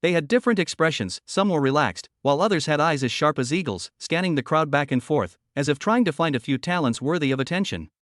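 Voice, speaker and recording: Male audiobook narrator, higher pitch, even and steady, dry studio sound. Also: fast, few pauses, no echo.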